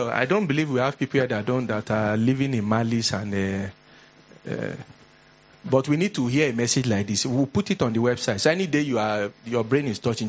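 A male pastor with a Nigerian English accent, preaching an earnest, exhorting sermon with animated storytelling. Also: medium pitch, muffled recording.

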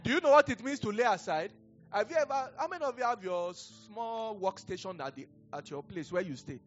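Brisk and lively in intonation, a high-voiced middle-aged man with a Nigerian accent delivers a sermon as a pastor. He rambles conversationally, slipping into stories with chuckles, while the dull lo-fi audio carries faint music.

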